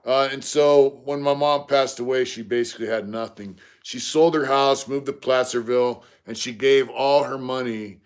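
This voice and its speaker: Middle-aged guy on a live stream, laid back, chatting and greeting viewers, average pitch. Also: fairly even intonation, normal speed, hardly any pauses, clean tone. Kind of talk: casual live-stream chat.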